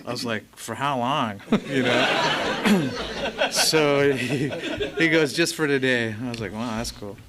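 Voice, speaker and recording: At a recovery meeting, a man from the Los Angeles area tells his story casually to a laughing audience, filling it with fillers and quoted dialogue. He speaks slowly in a medium-pitched voice, and the recording is very noisy.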